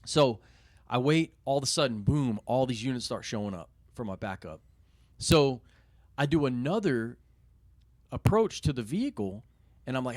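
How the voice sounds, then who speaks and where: A young man telling a story as a podcast guest, swearing constantly and animated, often laughing at his own anecdote. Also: mid-range voice, normal speed, no room sound. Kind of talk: casual storytelling in a podcast interview.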